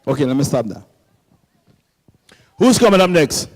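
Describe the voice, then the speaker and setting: A playful man hosts an open mic, trading jokes with the audience. His voice sits a bit high, and it carries a long hall reverb. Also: very animated, moderate pace, long pauses, a little mellow, slightly rough. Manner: joking, playful. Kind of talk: stand-up banter with the crowd.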